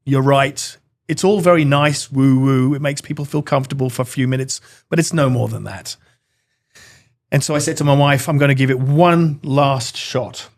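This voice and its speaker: A man's voice: medium pitch, normal speed. Earnest middle-aged man telling his story. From Britain. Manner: earnest, animated, acts out dialogue. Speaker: interview guest. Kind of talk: personal storytelling in an interview.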